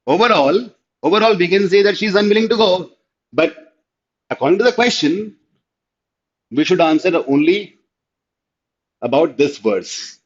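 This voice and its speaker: Indian male tutor, online lecture, higher voice, keeps checking "clear?", dull lo-fi audio. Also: expressive, a little slow, pauses often. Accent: Indian English. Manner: explanatory, checks understanding with repeated "clear?", mixes in Hindi. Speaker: teacher.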